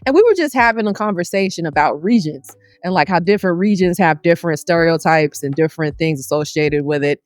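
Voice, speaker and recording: Lower-voiced Southern US woman, chatty. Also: expressive, brisk, few pauses, no room sound, clean studio sound, soft background music. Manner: colloquial, chatty, self-aware humor. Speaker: scholar guest. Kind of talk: casual conversational interview.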